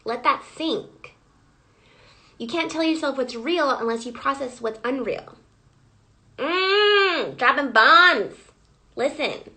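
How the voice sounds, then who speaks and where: Woman wellness coach, fairly high voice with gravelly fry, guides a live reflection session. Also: unhurried, poor audio. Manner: guiding, prompting listeners with repeated questions.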